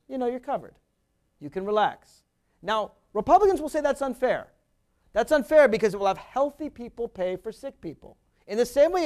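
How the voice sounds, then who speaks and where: A man's voice: on the high side, darkish tone. A man hosting a political talk radio show, delivering an emphatic, argumentative monologue that mocks his opponents.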